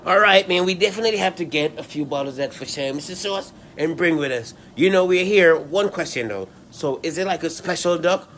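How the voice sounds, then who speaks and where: Man plays brash TV food show host, upbeat patter, pitched a little high. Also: brisk, few pauses, a bit bright, a little hiss or hum, natural voice.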